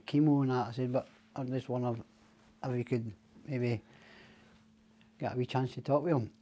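A man's voice: mid-range voice, dark tone. Scottish man, rambling profane storyteller. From Scotland. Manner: rambling, swears a lot. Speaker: podcast guest. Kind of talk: casual storytelling chat.

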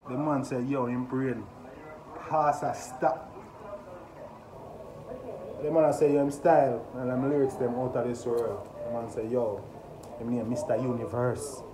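A Jamaican man hosting a casual music reaction, talking excitedly and often asking "you see me?". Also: mid-range voice, unhurried, pauses often, a crowd in the background. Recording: echoey room with background noise.

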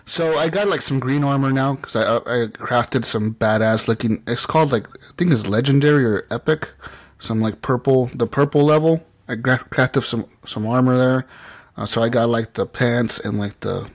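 A man's voice: medium pitch, normal speed. A man hosting a casual gaming podcast who retells game scenes with enthusiasm and acts out the characters' lines. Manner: excited, laughing storyteller who acts out game dialogue. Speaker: podcast host.

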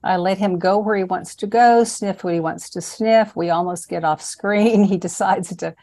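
A middle-aged woman dog trainer narrating a training lesson in a calm, step-by-step way. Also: mid-range voice, normal speed. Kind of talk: voice-over narration of training slides.

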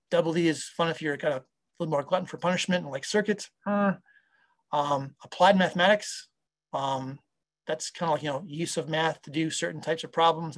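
A middle-aged man, a company founder, talking casually and rambling with lots of fillers. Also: on the high side. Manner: rambling, full of fillers and acted-out quotes. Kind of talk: casual talk to an online audience.

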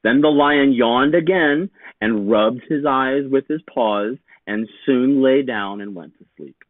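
A man, a teacher, reading a children's picture book aloud with slow, very expressive storytelling. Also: mid-range voice, no room sound. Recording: tinny phone-like sound, dry.

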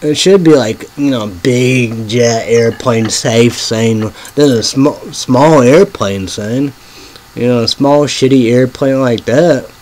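A man rambling in a halting monologue, full of fillers, dropping to a murmur and then bursting out loud and swearing. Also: mid-range voice, slight background noise, poor audio. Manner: swings from murmuring to sudden loud outbursts. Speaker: vlogger.

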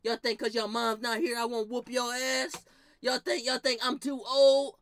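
A man's voice: very high-pitched, little pitch movement, normal speed, a bit bright, no room sound, studio quality, pitched above the performer's own voice. A man briefly voicing his stern older grandmother scolding the grandkids in his own everyday voice. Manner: indignant scolding.

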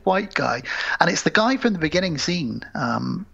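Gravelly man, recapping film scenes. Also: a little high, expressive, brisk, fairly bright tone, highs cut off. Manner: retells film scenes, acting out quotes. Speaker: podcast co-host. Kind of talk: casual film discussion.

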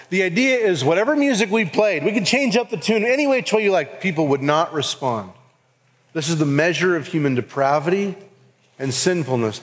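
A man giving an earnest sermon as pastor with a Southern US accent. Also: on the high side. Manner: earnest preaching, acts out quoted voices. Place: church sanctuary. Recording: long reverb of a hall.

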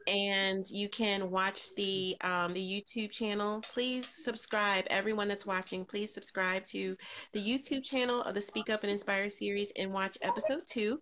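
A woman's voice: medium pitch, steady tone, normal speed, a little hiss or hum. Woman hosting a live stream. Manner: warm greetings to viewers, frequent ums. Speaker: podcast host.

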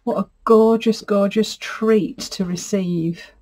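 Chatty middle-aged woman, crafter vlogging, warm gushing delivery, mid-pitched. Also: steady tone, takes it slowly. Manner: chatty, gushing and easily moved. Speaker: textile artist. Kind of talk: casual unboxing chat.

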